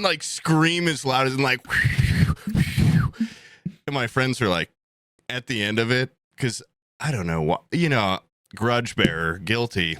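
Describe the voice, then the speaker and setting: A man's voice: medium pitch, lively intonation, unhurried, pushed and bright, no room sound, clean studio sound. A young man co-hosting a podcast, telling a story in a casual, comedic way, acting out quotes and swearing freely. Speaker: podcast co-host.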